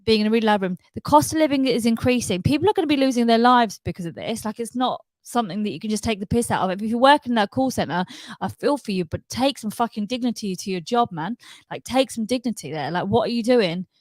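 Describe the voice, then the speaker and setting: A woman's voice: a little high, lively intonation, fast, no echo, low-quality recording. Woman, personal rant to camera, upset, emphatic, repeats lines, dry close sound.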